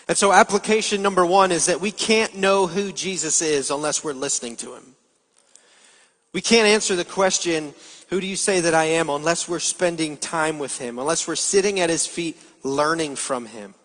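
A man's voice: on the high side, moderate pace, fairly bright tone. A man giving a sermon as pastor, explaining scripture and asking his listeners rhetorical questions. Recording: long hall reverb.

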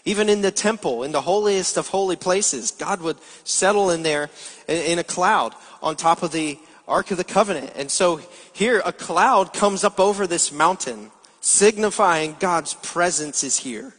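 A man's voice: high voice, moderate pace, a bit bright. A man giving a sermon as pastor, explaining scripture and asking his listeners rhetorical questions. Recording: long hall reverb.

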